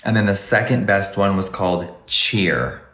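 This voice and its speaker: A man's voice: low-pitched, expressive, a little slow, fairly bright tone, echoey room. A man doing a casual live makeup review, gushing and exclamatory and calling viewers baby and honey. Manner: gushing, exclamatory, campy endearments. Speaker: makeup livestreamer.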